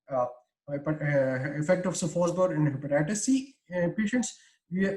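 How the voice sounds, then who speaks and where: A man's voice: fairly high pitch, a little mellow, rough recording. Man, webinar lecturer, video call mic, explanatory with restarts. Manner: explanatory, frequent "uh" fillers and restarts. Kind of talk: online research lecture.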